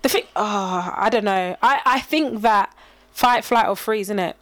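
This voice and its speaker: A woman's voice: medium pitch, unhurried, fairly bright tone, no echo. Rambling woman, dry sound. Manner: rambling storyteller, trails off and restarts. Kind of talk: casual chat.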